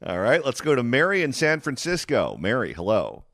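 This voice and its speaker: A man hosting a call-in radio talk show, jokey and quick to move between callers. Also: medium pitch, huge pitch swings, fairly bright tone, no echo, studio quality. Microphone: studio mic.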